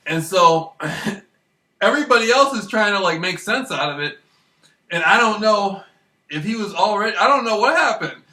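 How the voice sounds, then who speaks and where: A man with a high, bright voice tells rambling, profane stories in a loose, casual monologue, laughing often as he goes. He sits well back from the mic in an echoey room. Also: expressive, moderate pace, long pauses, recorded from a distance. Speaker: vlogger.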